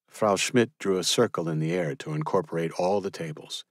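A man reading literary fiction as an audiobook narrator in a measured, expressive manner. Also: deep voice, dry recording, studio quality.

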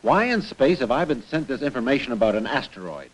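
An actor voicing a gruff, commanding male colonel who heads a space organization in a 1960s cartoon, giving brusque orders. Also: medium pitch, sing-song, fast talker, low-quality recording.

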